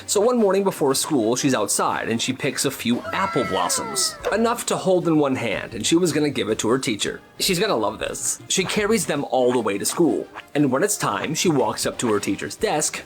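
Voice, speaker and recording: A man narrating short storytime clips with animated, dramatic delivery. His fairly high voice swoops widely as he tells the tale. Faint music plays beneath him. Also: brisk, hardly any pauses. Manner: animated and dramatic, acting out every character. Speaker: storyteller, short-video creator.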